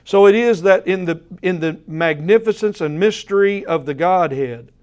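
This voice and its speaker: A man preaching an evening sermon, earnest and emphatic, slowing down to repeat key words and addressing his listeners directly. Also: high-pitched, a little mellow, clean tone. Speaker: pastor.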